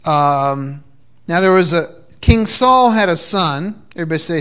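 High bright-voiced male preacher. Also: animated, measured pace, smooth. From New England. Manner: call-and-response preaching, frequent repeated restarts. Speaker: pastor. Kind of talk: sermon. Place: church.

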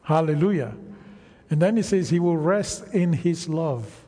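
A man preaching a sermon, slow and emphatic, calling out to the congregation for responses. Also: a little high, lively intonation, dark tone, long reverb tail.

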